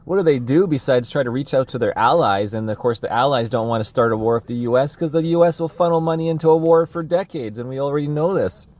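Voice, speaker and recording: Male commentary host, mid pitch, sarcastic, laughs often, rambles. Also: fast, hardly any pauses, darkish tone. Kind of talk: casual political commentary.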